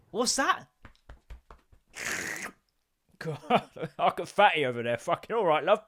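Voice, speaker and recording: A man's voice: on the high side, wildly swooping pitch, brisk, long pauses, fairly bright tone, dry recording. A man, hosting a casual podcast and rambling, swearing and mocking himself as he talks. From England. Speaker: podcast host. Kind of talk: casual solo podcast rant.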